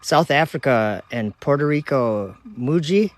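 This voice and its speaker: The recording is dry, capturing a Minnesota man with a medium-pitched voice speaking at a moderate pace. He's running a casual nighttime livestream outside on his phone, chatting with viewers, reading their comments aloud, and laughing easily.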